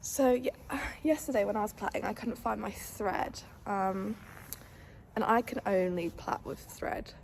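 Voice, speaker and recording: A young woman with a mid-range, somewhat dark voice and some vocal fry speaks at a measured pace over slight background noise. She's an equestrian vlogger chatting casually about her horse, slipping into fond baby-talk with him.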